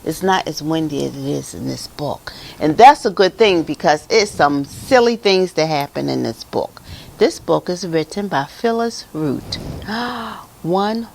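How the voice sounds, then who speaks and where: A woman's voice: low voice, lively intonation, measured pace, creaky, a little mellow. A woman librarian reading picture books aloud at a children's storytime, with gasps, laughs and animal sounds.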